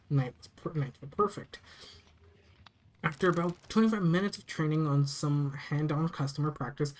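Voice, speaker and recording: A narrator reading a first-person horror story aloud, steady and plain, with small restarts. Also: medium pitch, low-quality recording.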